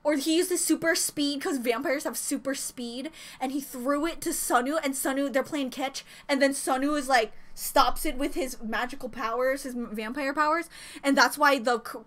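Reacting to a music video at a moderate pace, a K-pop YouTuber with a high, bright voice can't stop gushing. She rambles, exclaims and gets emotional throughout.

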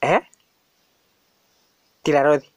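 A man performing a comedy skit, accusing someone and demanding again and again why. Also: slow pace.

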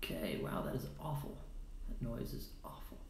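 A man's voice: mid-range voice, sing-song, moderate pace, vocal fry. A man hosting a casual live stream, chatting playfully and muttering to himself as he works. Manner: chatty, mutters to himself while editing audio; playful, jumps between loud bursts and quiet asides. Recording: roomy echo with faint noise.

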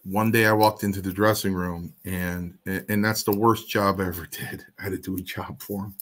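A man's voice: low-pitched, steady tone, normal speed, a bit bright. A man guest in an interview, telling a story in a casual way and acting out the other voices in his quotes.

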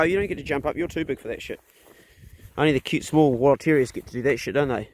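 A man's voice: on the high side, fast talker. A middle-aged man chatting casually into his phone camera outdoors on a rural property, easygoing and blunt with mild swearing, often talking to his dogs in a raised, coaxing voice. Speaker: hunter and vlogger. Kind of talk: casual vlog chat.

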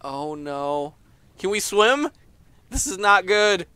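A man's voice: sits high, very animated, slow pace, bright, forceful tone, smooth, no room sound. A man casually commenting on a game as he plays, exclaiming often, laughing and reading the game's text aloud. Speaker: let's player.

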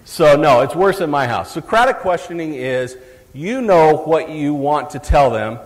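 A man's voice: fairly high pitch, animated, a little slow. A middle-aged man giving a live talk on parenting to an audience, chatty and joking with the crowd. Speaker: psychologist speaking at a parenting event. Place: large hall, live event. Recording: long hall reverb.

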